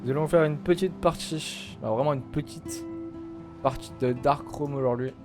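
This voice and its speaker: A man's voice: on the high side, normal speed. A man hosting a let's play, talking in a casual, joking way into a USB studio mic. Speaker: gaming channel host. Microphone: USB studio microphone. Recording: game music playing behind.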